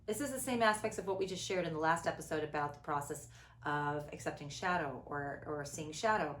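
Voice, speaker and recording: A woman in her fifties who talks in a reflective, conversational way as a podcast host, acting out quoted voices and moving between loud and hushed tones. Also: low-pitched, slight background noise. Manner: expressive, theatrical, quick shifts between loud and hushed. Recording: echoey room.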